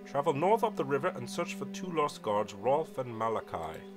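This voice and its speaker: While playing a game, a man role-plays a pompous, zealous paladin who hates monsters, using formal, old-fashioned phrasing in a pondering mood. His natural, mid-range voice is sing-song at a moderate pace, with music in the background.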